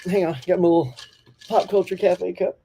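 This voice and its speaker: A man's voice: sits high, little pitch movement, moderate pace, creaky, mellow, slight background noise. A man hosting a casual morning live-stream chat, upbeat and talkative, laughing often as he reads out and answers viewer comments.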